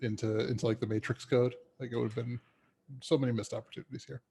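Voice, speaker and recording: A man's voice: medium pitch, flat delivery, quick pace, gravelly, warm tone, slight background noise. A man co-hosting a podcast, chatting casually about movies in a rambling way with frequent restarts. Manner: rambling, many restarts and fillers. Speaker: podcast co-host.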